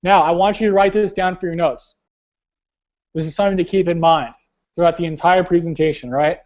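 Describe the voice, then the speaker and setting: Blunt high-voiced young man coaching. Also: steady tone, brisk, darkish tone, dull audio. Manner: blunt, casual, slangy, keeps saying "guys". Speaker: team leader hosting a weekly call. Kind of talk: motivational coaching talk. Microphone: webinar call.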